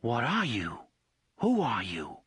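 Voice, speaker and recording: A man reading an audiobook, voicing a tense young man who speaks nervously and sometimes in a hushed, conspiratorial tone. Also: mid-range voice, wildly swooping pitch, moderate pace, breathy edge, dry recording, exaggerated voice. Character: tense young man, edgy and quick-witted.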